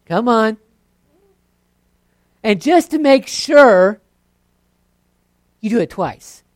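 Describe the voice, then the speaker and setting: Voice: mid-range voice, animated, slow, dry recording. A preacher giving a sermon in a conversational, self-deprecating way.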